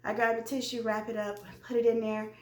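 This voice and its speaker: A woman's voice: on the high side, brisk, reverberant. A woman vlogger telling a personal story candidly and animatedly, talking straight to her viewers. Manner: animated, chatty, addresses viewers directly.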